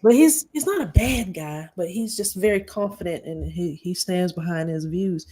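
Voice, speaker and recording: A woman's voice: fairly low pitch, normal speed, mellow. A woman in her forties hosting a casual group live stream over a video call, earnest and upbeat, speaking in bursts with frequent restarts. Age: 40s. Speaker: channel host of a live stream.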